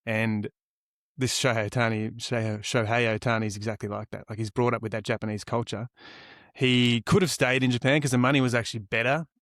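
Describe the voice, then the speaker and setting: A man's voice: medium pitch, level tone, a little fast, fairly bright tone, no echo, studio quality. An Australian man co-hosting a podcast in casual chat, talking in rambling explanations and laughing easily. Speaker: podcast co-host.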